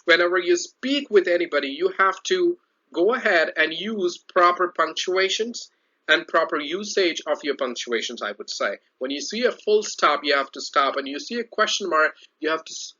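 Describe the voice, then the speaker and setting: A man giving a slide-based lesson on speech clarity, explaining in a repetitive, lively way. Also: fairly high pitch. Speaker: English speech trainer. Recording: dull lo-fi audio.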